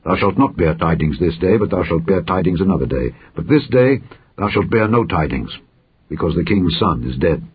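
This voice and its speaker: A man voicing a stern army commander who speaks forcefully and reproachfully, in a dull, lo-fi recording. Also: deep voice, animated, normal speed, breathy edge, heavily acted. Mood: firm. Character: stern army commander rebuking his king.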